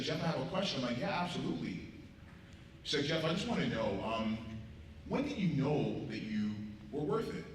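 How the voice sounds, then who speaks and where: Animated man in an echoey hall. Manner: animated storyteller, acting out quotes with big swings in loudness. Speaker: motivational speaker at a school assembly. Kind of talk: storytelling speech to students. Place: large school hall. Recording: very echoey hall, voice from far off, faint rumble.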